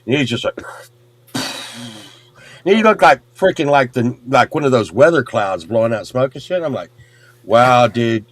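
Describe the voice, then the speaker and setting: A middle-aged man telling a rowdy story in casual chat, swearing and loudly acting out the people in it. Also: medium pitch, normal speed, long pauses, dry recording. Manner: animated, swearing, acts out quotes loudly. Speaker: podcast host.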